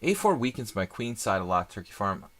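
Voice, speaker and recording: Man, low voice, live chess stream commentary, rambling and chatty. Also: very animated, fairly quick, a bit bright. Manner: chatty, thinks aloud, rambling asides.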